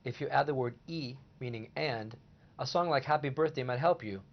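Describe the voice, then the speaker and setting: A man explains a scripted language lesson in a steady, even voice. His pitch is mid-range for a man. The recording sounds a bit muffled and lo-fi. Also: normal speed. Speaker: language teacher co-host.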